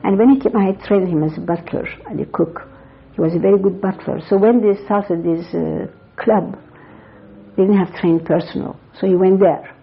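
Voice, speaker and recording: A woman's voice: mid-range voice, normal speed, gravelly. An older woman from Iran gives an oral history interview. She tells her memories in a conversational, digressive way and often corrects herself. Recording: dull lo-fi 1980s interview tape.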